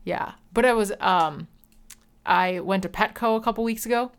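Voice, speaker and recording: Woman, thirties, podcast co-host, casual chat, blunt, profane, mid-pitched. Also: moderate pace, clear, resonant tone.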